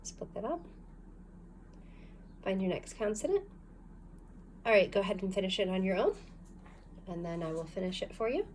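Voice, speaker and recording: A woman's voice: mid-range voice, sing-song, normal speed, pauses often, darkish tone, slight background noise. A woman teaching a recorded phonics lesson, guiding learners patiently step by step and sounding out syllables. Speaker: language teacher.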